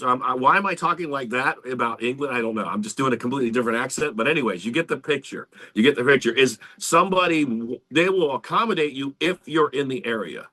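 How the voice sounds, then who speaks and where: A man, co-hosting a podcast in casual, animated talk. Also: mid-range voice, fast, hardly any pauses. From Central Florida, US. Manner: animated, swearing, lively storytelling. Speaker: podcast co-host, band member.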